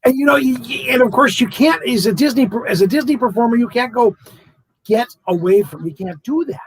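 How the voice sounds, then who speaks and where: A man hosting a casual chat show, talking in an animated, chatty way about his own experiences. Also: extremely high pitch, brisk, rough recording. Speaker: host.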